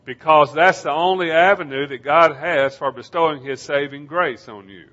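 A man preaching a sermon, slowing down to stress key phrases in a measured, emphatic delivery. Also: fairly high pitch, sharp tone. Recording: dull lo-fi sermon recording.

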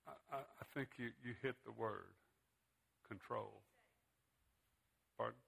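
A man's voice: mid-range voice, unhurried, gravelly, a bit bright, breathy edge. A man teaching a Bible class in a conversational way, putting questions to his students.

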